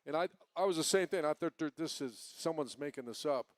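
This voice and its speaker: A man's voice: on the high side, lively intonation, a little fast, no echo. A man who is a former head coach, talking emphatically on a live panel show and laying out his points one by one. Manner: emphatic, lays out points by number.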